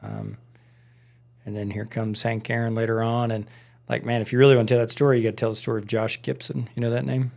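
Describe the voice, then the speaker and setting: A man with a gravelly, fry-edged voice at a middle pitch chats casually as a podcast co-host. He tells history stories in a loose, rambling way, full of "um" and "I mean". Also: expressive, quick pace, darkish tone. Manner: rambling storyteller, lots of fillers. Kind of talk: casual chat. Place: studio.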